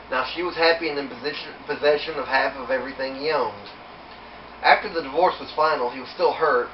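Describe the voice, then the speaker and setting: A man reading his own horror story aloud in a steady, unhurried storytelling manner. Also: medium pitch, slight background noise. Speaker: author reading his book. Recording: roomy, distant, dull home recording.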